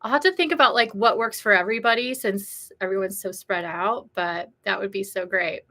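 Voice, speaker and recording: Woman in her thirties, bright and chatty beauty vlogger, casual livestream talk. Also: medium pitch, fairly quick. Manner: chatty and emotional, reads viewer comments aloud.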